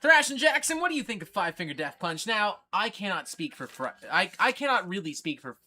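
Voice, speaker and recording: Male stream host, casual and profane, bright, animated delivery. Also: high voice, brisk. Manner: rambling, profane, jokey. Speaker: livestream host. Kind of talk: casual livestream chat. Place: record store.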